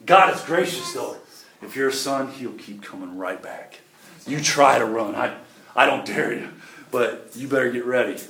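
A middle-aged man preaches a sermon in a church, his delivery folksy and emphatic, with shifting volume. His mid-range voice is creaky and fairly bright, at normal speed. The room is echoey, with faint noise.

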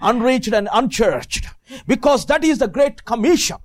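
A man with a non-native English accent preaching a sermon as a visiting minister, with many fillers and bursts of shouted praise. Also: extremely high pitch, animated, normal speed. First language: not English.

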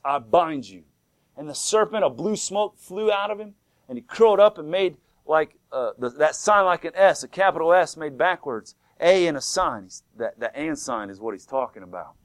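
A man preaching a sermon, fervent and swinging from loud to hushed. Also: a little high, no room sound. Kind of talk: sermon retelling a vision.

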